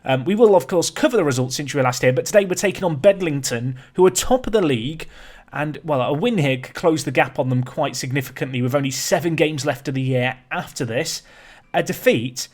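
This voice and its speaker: A young man talks through a football management game in a chatty, animated way, with his voice sitting a little high. He plays up mock outrage and often trips over and repeats his words. The delivery is casual gaming commentary from a series host. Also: fairly quick. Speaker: let's-play host.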